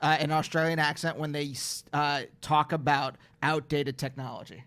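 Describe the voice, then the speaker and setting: A man hosting casual comedic chat, cutting in with quick jokes. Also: on the high side, level tone, fairly bright tone, smooth.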